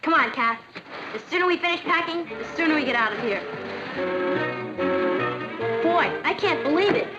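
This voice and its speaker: An actress playing a bubbly, excitable teenage girl in a 1960s sitcom, eager and wisecracking. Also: high voice, moderate pace, long pauses, dull audio, over loud music. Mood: excited. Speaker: daughter.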